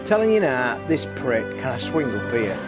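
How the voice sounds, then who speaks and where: A middle-aged man, livestreaming a game while ranting and shouting over a football match. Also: medium pitch, normal speed, over music. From England. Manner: excitable and sweary, shouting at football. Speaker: gaming streamer. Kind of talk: live stream commentary while gaming and watching football.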